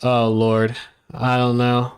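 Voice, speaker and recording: Clear and resonant but monotone, this medium-pitched voice takes things slowly. It's a young American hosting a watch party stream at home on a desk mic, casually chatting with viewers in a laid-back, profane way and reading out their usernames.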